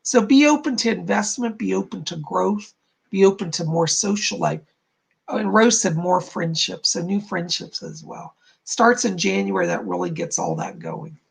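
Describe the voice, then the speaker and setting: Gravelly, husky psychic man. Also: high voice, expressive, normal speed. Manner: chatty, relays spirit messages and reads viewer comments aloud. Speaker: psychic medium, stream host. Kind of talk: live-stream psychic readings.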